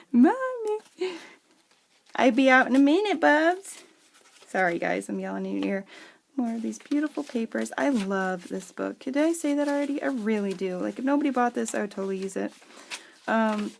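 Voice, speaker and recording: Woman with a higher, gravelly voice. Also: slight background noise. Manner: chatty and gushing, addresses viewers as "you guys". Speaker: craft seller showing handmade journals. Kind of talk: casual show-and-tell vlog.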